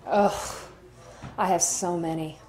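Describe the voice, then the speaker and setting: A woman's voice: lowish voice, fairly even intonation, takes it slowly, a little mellow. A woman actor in an interview, chatty and rambling, telling stories and acting out the dialogue. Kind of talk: candid interview storytelling. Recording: roomy echo.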